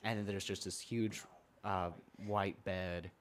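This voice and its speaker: A man's voice: sits low, level tone, takes it slowly. A man co-hosting a casual podcast chat, often stammering and repeating words as he starts his sentences. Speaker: podcast co-host.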